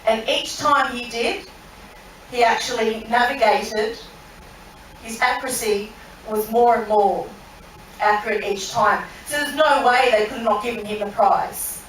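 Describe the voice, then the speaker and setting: A woman's voice: a little high, measured pace, fairly bright tone, a little hiss or hum. A woman presenting an interactive lesson to an audience, chatty, asking questions and laughing along. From Australia. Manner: chatty, asks the audience questions, laughs at her own story. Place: large room on a cruise ship. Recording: very echoey hall, voice from far off.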